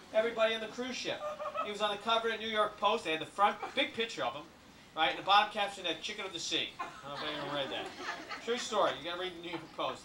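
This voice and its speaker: A man giving a comic cruise ship briefing to an audience, full of deadpan jokes and asides. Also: sits high, recorded from a distance, noisy background. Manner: jokey deadpan patter with asides. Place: ship lounge. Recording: echoey room, camcorder from afar.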